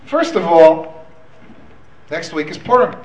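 A man's voice: a little high, lively intonation, slow pace. A man hosting a live community evening, chatty and hesitant, mixing Hebrew words into his English. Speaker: event host and organizer. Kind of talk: live event talk with a joke. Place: hall at an evening community event. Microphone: handheld microphone, away from the recorder. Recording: echoey hall, voice from far off.

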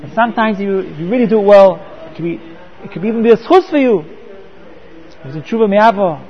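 A man's voice: high voice, lively intonation, brisk, dull audio. A man teaching a Torah class, often repeating words and mixing in Hebrew terms.

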